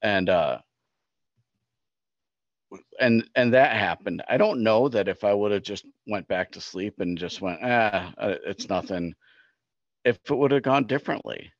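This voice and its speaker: A man's voice: lowish voice, animated, normal speed, pauses often, no echo. A middle-aged man co-hosting a podcast, speaking in an earnest, reflective casual chat. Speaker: podcast co-host. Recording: slightly dull, lo-fi sound.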